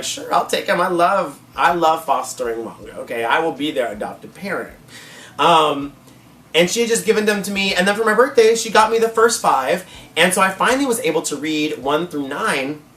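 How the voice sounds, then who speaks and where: A woman's voice: low-pitched, fairly bright tone. A trans woman, a drag queen, chatting in a sassy, gushing way in a casual haul vlog. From United States. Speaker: manga collector vlogger. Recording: echoey room, faint ambient noise.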